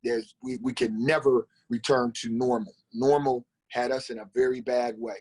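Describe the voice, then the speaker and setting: A man on a discussion panel making a forceful, rhetorical point. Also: mid-range voice, fairly even intonation, normal speed, husky. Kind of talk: conversational panel talk.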